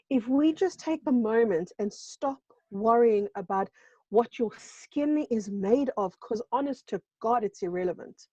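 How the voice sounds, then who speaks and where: A woman's voice: on the high side, dark tone, no echo, dull audio. A woman from South Africa talking on a video call, emphatic and repeating phrases for stress. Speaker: show co-host. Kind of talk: casual video-call chat. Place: home in a seaside village.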